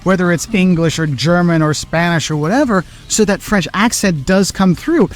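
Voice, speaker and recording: A man with a notably high voice gives travel advice straight to the viewer. He talks in a direct, lecturing way and briefly acts out the phrases he quotes. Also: moderate pace. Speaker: travel video presenter. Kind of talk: advice-giving presenter talk.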